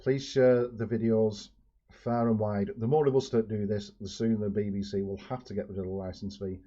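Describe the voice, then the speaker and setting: A man's voice: on the low side, steady tone, a little fast, dark tone. A man from the UK, introducing a video in a chatty way on his channel. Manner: chatty, with fillers. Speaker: YouTube channel host. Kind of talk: casual vlog introduction. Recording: dull lo-fi sound.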